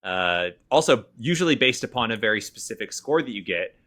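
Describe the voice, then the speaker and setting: A man's voice: fairly low pitch, expressive, a little fast, bright, forceful tone. A man co-hosting a golf podcast, laid-back in casual chat, with dry humor. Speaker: podcast co-host.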